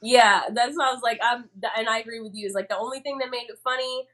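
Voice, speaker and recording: A woman's voice: fairly high pitch, fairly even intonation, fast talker, crowd noise. A woman co-hosting a podcast, chatting emphatically and laughing often. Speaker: podcast co-host. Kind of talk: casual pop culture chat.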